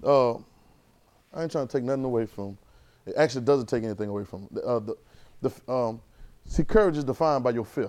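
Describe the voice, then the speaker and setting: A man's voice: medium pitch, a little fast, pauses often, a little mellow. A man, preaching a sermon and drawing responses from the congregation. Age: 30s. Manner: call-and-response with the congregation, conversational and emphatic.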